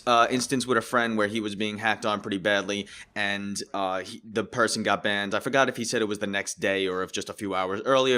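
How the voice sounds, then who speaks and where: Male gaming vlogger, low but bright, forceful voice, casual rambling delivery with fillers. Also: fairly even intonation, brisk, hardly any pauses. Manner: chatty, loose, frequent fillers and restarts. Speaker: gaming channel host. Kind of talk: casual game update vlog.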